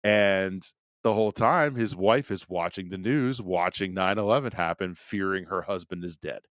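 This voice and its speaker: Podcast co-host, male, lowish voice, dry close sound; storyteller who acts out quotes. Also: normal speed, dry recording. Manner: frequent restarts, crude jokes. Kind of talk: casual chat.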